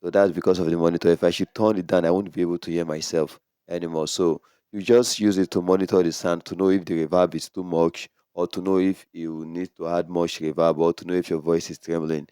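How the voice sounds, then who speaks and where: In a smooth, low-pitched voice that runs a little fast, a tech tutorial host casually explains his equipment step by step, with plenty of "so"s. He talks into a condenser mic through a sound card, giving a dry, studio-quality recording.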